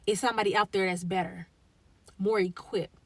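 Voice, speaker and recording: A woman's voice: mid-range voice, fairly even intonation, moderate pace, dry recording. A young woman speaking earnestly and emotionally as a faith content creator, encouraging viewers in a casual, heartfelt vlog. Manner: earnest, encouraging, conversational with slang.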